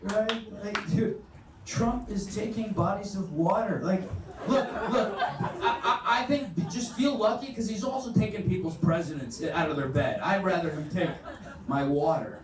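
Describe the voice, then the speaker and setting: A man's voice: sits high, unhurried, recorded from a distance, noisy background. Brash male stand-up comic, echoey club. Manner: brash, riffing, chats with the audience. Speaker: stand-up comedian. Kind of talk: stand-up set with crowd work. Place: comedy club. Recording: echoey club from afar, crowd.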